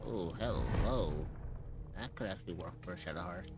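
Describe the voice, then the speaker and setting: A man's voice: low-pitched, animated, moderate pace. A swearing, muttering male streamer. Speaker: streamer playing a video game. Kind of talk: casual live-stream gaming chat. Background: game music.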